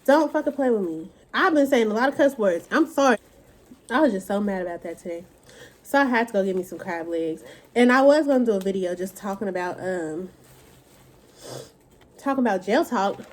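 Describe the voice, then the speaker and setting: A woman's voice: medium pitch, animated, fairly quick, long pauses. A woman vlogger talking while she eats, in a blunt, profane, casual rant. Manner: talks while eating.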